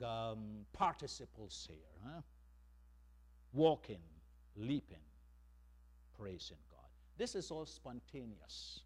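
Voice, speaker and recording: A man preaching a sermon as pastor, animated and emphatic, rising to loud calls and dropping to hushed lines. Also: medium pitch.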